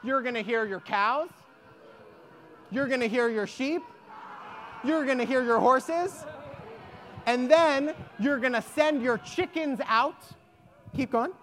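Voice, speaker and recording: A woman voicing a patient, wise male rabbi who speaks in a reassuring, steady way, as part of a story told aloud. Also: high-pitched, slow, pauses often, a little hiss or hum. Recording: echoey hall.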